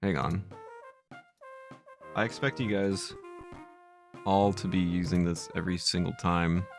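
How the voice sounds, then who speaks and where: A man chatting casually through a live game stream, joking and laughing at his own bits. His voice is low with a gravelly fry. Faint game music plays in the background. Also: flat delivery, measured pace.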